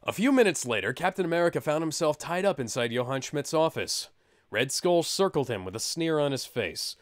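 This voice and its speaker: A man hosting a comedy podcast, reading a book aloud and making wry, deadpan asides. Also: a little high, brisk, no room sound. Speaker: podcast host and reader.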